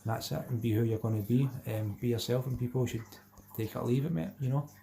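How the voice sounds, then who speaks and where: A man's voice: mid-range voice, fast, vocal fry, warm tone, slight background noise. A middle-aged Scottish man hosting a live stream, chatting casually with viewers and reading out their comments, repeating himself and calling everyone mate.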